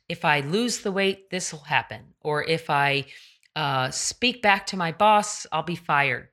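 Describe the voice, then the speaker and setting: A woman's voice: medium pitch, fairly bright tone. A woman running coach giving a chatty solo podcast pep talk, full of rhetorical questions. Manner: conversational, with many rhetorical questions; loose and chatty, with fillers and restarts.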